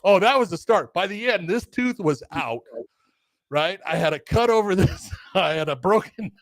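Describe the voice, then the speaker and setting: Older man, podcast co-host, casual animated storytelling, swears a bit, dry close mic. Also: sits high, normal speed, dry recording. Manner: animated storyteller, acts out quoted voices, swears. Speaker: podcast co-host, former referee.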